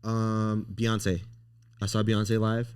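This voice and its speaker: A young man hosting a casual podcast, telling excited stories full of slang and "bro". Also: lowish voice, takes it slowly, clear, resonant tone. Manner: excitable storyteller, slangy, says bro a lot. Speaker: podcast host.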